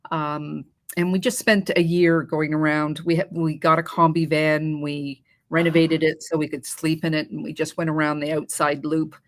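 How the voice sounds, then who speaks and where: A woman hosting a casual chat, talking in a relaxed, easygoing way. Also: low-pitched, moderate pace. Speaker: host.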